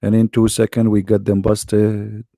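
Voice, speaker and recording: Tired, hoarse male stream host, gravelly and taunting, dry close mic. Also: lowish voice, monotone, unhurried, mellow, dry recording. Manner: sarcastic, taunting. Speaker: host of a live debate stream. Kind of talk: casual mocking live-stream talk. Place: quiet room at home.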